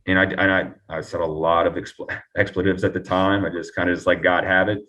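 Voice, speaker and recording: A man telling his recovery story earnestly and reflectively as an interview guest, often pausing and restarting. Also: low voice, flat delivery, bright, forceful tone, far from the mic, muffled recording.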